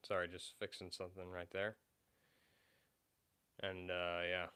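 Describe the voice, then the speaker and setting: Young male streamer, deep, clean voice, loose rambling chat. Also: monotone, unhurried, pushed and bright, clean tone. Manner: rambling, many fillers and restarts. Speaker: livestream host. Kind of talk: casual livestream chat.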